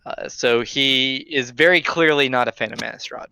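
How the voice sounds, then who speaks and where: A man's voice: mid-range voice, moderate pace, gravelly, sharp tone, clear, resonant tone, dry recording, poor audio. A young man narrating a tabletop game as game master in a casual way, with many fillers.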